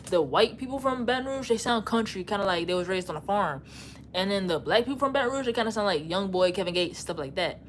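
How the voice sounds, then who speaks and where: A woman's voice: medium pitch, expressive, quick pace, slight background noise. Slangy young Louisiana woman streaming. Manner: slangy, frank, rambling. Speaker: livestream host. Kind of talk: casual livestream chat reading comments.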